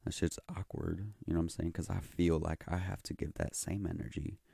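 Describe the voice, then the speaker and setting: A man's voice: deep voice, steady tone, fairly quick, vocal fry, warm tone, slightly rough, no echo, clean studio sound. A young man telling a story in a rambling, profane, slangy way. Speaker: vlogger. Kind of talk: casual storytelling.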